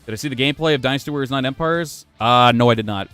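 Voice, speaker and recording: Rattling along very fast in a slightly bright mid-range voice, a man comments on his video game with rambling, self-deprecating chatter and plenty of cursing. His computer plays faint music behind him.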